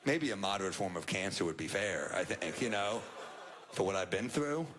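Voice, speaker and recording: A man's voice: low-pitched, animated, normal speed. A young man performing a stand-up set on a club stage, telling stories in a dry, self-deprecating way. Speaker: stand-up comedian. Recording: live club set with crowd laughter. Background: audience laughter.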